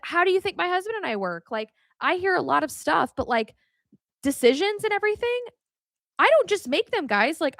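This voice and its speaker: A woman's voice: a little high, no echo, clean studio sound. A young adult woman hosting a podcast, teaching about faith in a blunt, casual way, cussing freely and ranting with animation. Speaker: podcast host.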